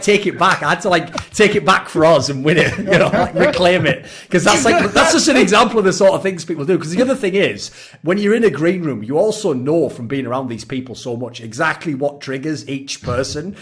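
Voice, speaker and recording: Man, podcast host, slightly high voice, animated storytelling, frequent laughter. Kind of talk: casual podcast chat.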